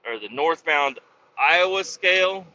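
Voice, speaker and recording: A man, a truck driver, telling road stories in a casual, profane and animated vlog from his truck cab, with a dull lo-fi sound. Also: on the high side, measured pace.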